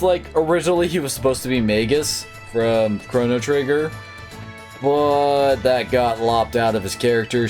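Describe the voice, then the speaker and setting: A man's voice: mid-range voice, a little mellow. A man chatting casually while playing a game, rambling and filling his talk with "like". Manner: rambling, lots of 'like'. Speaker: let's play streamer. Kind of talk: casual gameplay commentary. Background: faint game music.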